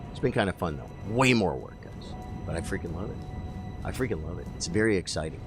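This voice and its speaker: Male game streamer, low voice, very animated delivery, chatty with chat, faint music behind. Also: fairly quick. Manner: excitable, chatty, talks to chat. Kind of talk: live gameplay commentary.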